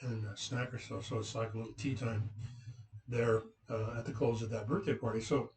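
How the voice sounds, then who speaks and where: Rambling dad telling a story. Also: male voice, on the low side, fairly even intonation, a little fast, darkish tone. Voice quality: rambling, with many fillers and restarts. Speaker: father recounting family memories. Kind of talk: casual anecdotal storytelling. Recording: roomy, from a distant mic.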